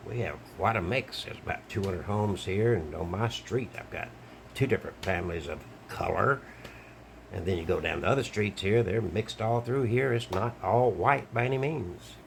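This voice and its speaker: An older man from Alabama speaks in a very deep, low register. He talks bluntly and loosely, stopping for ums and uhs as he makes his points. A faint hiss of background noise sits under the recording. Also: gravelly. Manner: blunt, rambling, many fillers. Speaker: video commentator. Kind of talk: casual monologue to camera.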